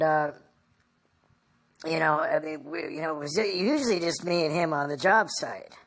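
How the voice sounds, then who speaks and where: A woman being interviewed, recounting a personal story in a halting, rambling way. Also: sits low. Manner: halting and rambling, full of "you know".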